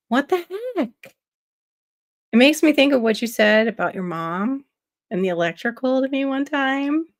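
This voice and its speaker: A woman's voice: a little high, no echo, clean studio sound. A woman from Florida with a nasal voice hosts a casual gardening livestream, chatting with viewers and answering their comments aloud. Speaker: livestream host.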